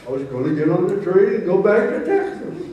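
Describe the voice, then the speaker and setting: A man's voice: high voice, wildly swooping pitch, fairly quick, lo-fi sound, slight background noise, voice pushed up. A man playing an easygoing, plainspoken older male hobo, speaking unhurriedly in a roomy hall heard from a distance. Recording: roomy hall, mic from far off.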